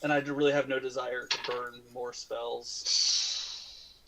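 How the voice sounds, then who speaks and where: A man's voice: medium pitch, little pitch movement, slow, vocal fry, background noise. A man playing a tabletop game, explaining his moves hesitantly with many fillers. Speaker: player. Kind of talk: casual tabletop game chat.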